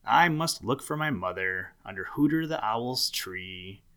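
Man reading as a scared young rabbit: meek, weak, slightly low voice. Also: lively intonation, measured pace, bright, forceful tone, exaggerated voice. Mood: timid. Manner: timid and breathless. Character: small frightened young male rabbit.

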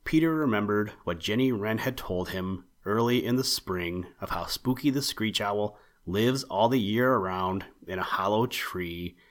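Low-voiced male storybook narrator.

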